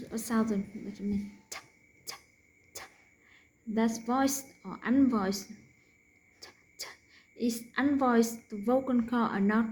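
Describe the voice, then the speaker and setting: A woman with a Vietnamese accent gives a slow, careful pronunciation lesson. Her voice sits a little high, and she repeats each consonant over and over, whispering the unvoiced ones. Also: warm tone, poor audio. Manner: demonstrates sounds by repeating them, drops to whispers. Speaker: pronunciation teacher.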